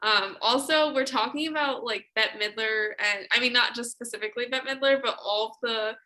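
Bright, giggly woman chatting about a movie. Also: fairly high pitch, fairly quick. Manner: chatty and giggly, with many filler words. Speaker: podcast guest. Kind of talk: casual chat.

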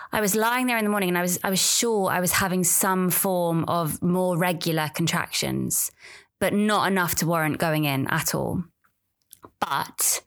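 A woman's voice: lowish voice, fairly bright tone. A woman, chatting casually and candidly on her own, often trailing off and restarting. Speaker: podcast host. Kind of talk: casual solo chat about pregnancy and birth.

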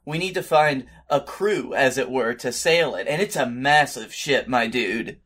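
A man's voice: mid-range voice, unhurried, a bit bright. A man co-hosting a comedy podcast, joining in with playful banter full of restarts. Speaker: podcast co-host.

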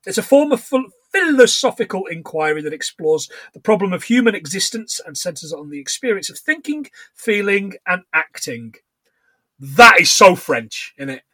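A middle-aged man co-hosting a podcast, chatting casually about a film, laughing often and retelling scenes in rough put-on voices. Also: high-pitched, big pitch swings, moderate pace, few pauses, a bit bright, dry recording. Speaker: podcast co-host. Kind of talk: casual chat recapping a film.

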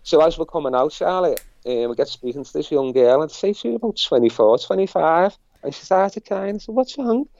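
Middle-aged scouse guy rambling thru a story in an interview, mellow low-ish voice, dull dry recording. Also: lively intonation, fairly quick, gravelly, few pauses, dry recording. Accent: Liverpool. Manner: rambling, chatty, repeats himself. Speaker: interview guest. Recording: dull lo-fi sound.

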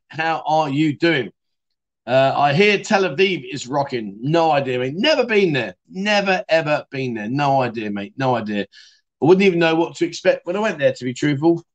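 A middle-aged Englishman hosts a relaxed livestream, chatting in a matey, easygoing way as he answers viewers. His voice sits a little high for a man. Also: moderate pace, lo-fi sound. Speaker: livestream host. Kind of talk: casual livestream chat.

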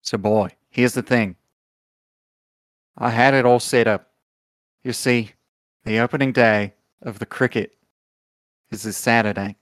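A man's voice: mid-range voice, fairly even intonation, a bit bright, dry recording, lightly acted. Man playing a drawling grifter dad with an Australian accent. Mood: scheming. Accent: attempted Australian. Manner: drawling, halting with "uh" fillers. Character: scheming grifter father, gruff.

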